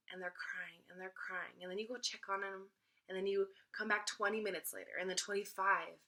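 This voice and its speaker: A woman's voice: fairly low pitch, pushed and bright. A young woman talking casually to camera as a mom vlogger, earnest and repeating points for emphasis. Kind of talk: casual advice vlog.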